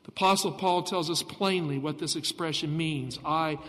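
A man preaching a radio sermon, reading scripture slowly and with emphasis. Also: fairly high pitch, a bit bright, big-room sound. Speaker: pastor.

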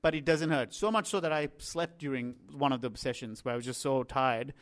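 A man's voice: medium pitch, a little fast. A man, co-hosting a casual podcast, rambling and cracking jokes. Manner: rambling, jokey, swears casually. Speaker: podcast co-host. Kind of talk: casual chat.

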